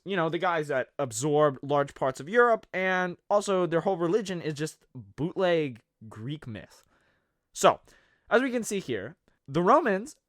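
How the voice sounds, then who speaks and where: A man with a fairly high voice narrates a comedy video with sarcasm and rambling jokes. His pitch swings widely from line to line, and the sound is dry and close, with no room echo. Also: a bit bright. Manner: sarcastic, jokey, rambling asides. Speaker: video host.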